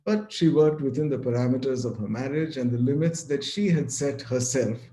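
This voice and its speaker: A man giving an academic lecture over a video call, measured and partly read aloud, with a few restarts. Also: medium pitch, mellow, echoey room. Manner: measured, reads quotations with some restarts.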